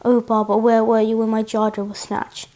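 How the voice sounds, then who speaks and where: A woman's voice: fairly high pitch, completely flat delivery, normal speed, dark tone, natural voice. A woman reading the lines of a grieving noblewoman who pleads and laments. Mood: lamenting. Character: grieving noblewoman, sister and guardian.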